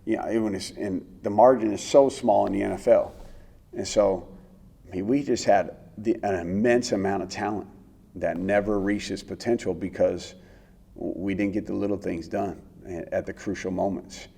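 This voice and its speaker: A middle-aged American man, a former pro quarterback, telling his life story as an interview guest in an earnest, animated way with many fillers. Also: on the low side, moderate pace, vocal fry, breathy edge. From United States.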